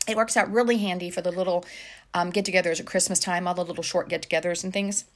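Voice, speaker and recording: A woman life coach giving casual, encouraging advice to viewers, chatty with many fillers. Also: medium pitch.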